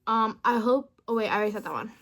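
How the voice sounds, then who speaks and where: A woman's voice: fairly high pitch, quick pace, a bit bright. A young woman chatting casually with a chatbot. She rambles playfully and mutters asides under her breath.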